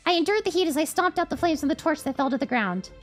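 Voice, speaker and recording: A woman's voice: high-pitched, animated, fast talker, soft background music, pitched above the performer's own voice. A woman reading game text aloud in a cutesy, sweet voice as the young heroine narrating her own peril. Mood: earnest.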